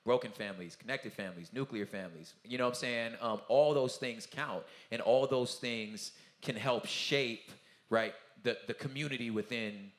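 A touring Christian music artist with a mid-range voice talks at normal speed during a conference talkback in an event hall. Casual and rambling, he keeps adding "you know what I'm saying" and acts out the people he quotes, with roomy hall acoustics.

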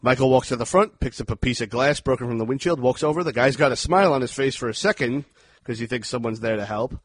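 A man co-hosting a podcast, chatting casually as he recaps a horror movie scene by scene, animated and quick to act out outbursts. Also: mid-range voice, husky, no echo. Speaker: podcast co-host. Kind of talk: casual movie review chat.

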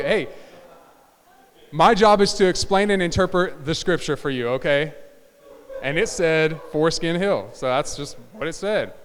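A man preaching a sermon as a pastor in a church, animated and joking with asides to the congregation. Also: on the high side, measured pace, clear, resonant tone. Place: church sanctuary. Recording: church hall reverb.

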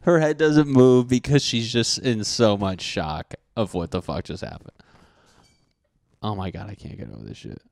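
A young man reacting to a dating show clip in crude, excitable commentary, often swearing and acting out what people are thinking. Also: deep voice, moderate pace, creaky, no room sound. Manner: excitable, swearing, mock-narrating others' thoughts.

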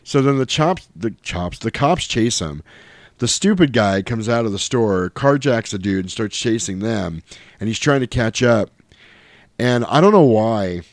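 A man with a fairly low voice talks casually and animatedly as he recaps a film. He swears freely and slips into high, goofy voices to mimic the characters. The sound is dry and close. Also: lively intonation, measured pace, dry recording. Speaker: podcast host recapping a film. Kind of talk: casual chat.

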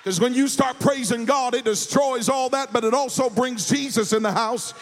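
A male pastor preaching a sermon, shouting in a sing-song cadence and stammering repeated words. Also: very high-pitched, normal speed, soft background music. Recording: reverberant church hall.

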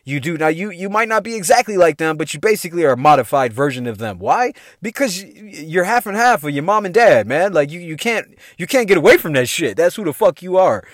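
A man's voice: high voice, big pitch swings, fairly quick, hardly any pauses, dry recording, clean studio sound. A man telling a funny personal story in a casual, slangy, heavily profane way, laughing often. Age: adult parent. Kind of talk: casual comedic storytelling monologue.

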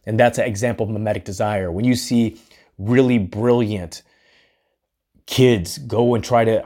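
A man's voice: on the low side, steady tone, moderate pace, mellow. A man hosting a podcast, giving an earnest, reflective solo talk and often checking in with "right?". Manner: earnest, musing, often tags lines with "right?". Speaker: podcast host.

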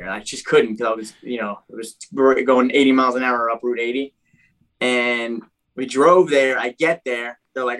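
A young adult man telling his own story in a casual, animated way, full of "like" and "dude". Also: medium pitch, moderate pace, rough recording. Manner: animated, heavy use of "like" and "dude".

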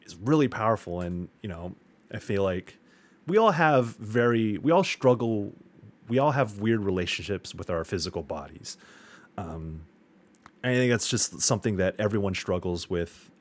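A man with a very low, deep voice talking on a podcast microphone. He rambles enthusiastically through a game discussion, restarting sentences and swearing casually. The tone stays loose and conversational. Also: animated, normal speed. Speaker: podcast co-host.

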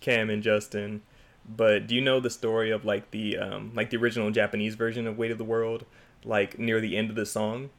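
Casting: man, mid-pitched, filler-heavy halting storyteller, casual chat. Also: level tone, gravelly.

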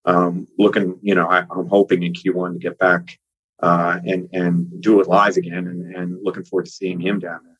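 A man's voice: low-pitched, little pitch movement, moderate pace, a bit bright, husky. A man from Newfoundland with a Newfoundland accent, chatting casually as a guest over a remote call, with many fillers and restarts. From Newfoundland, Canada. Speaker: government minister, podcast guest. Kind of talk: casual interview talk. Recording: dull lo-fi remote audio.

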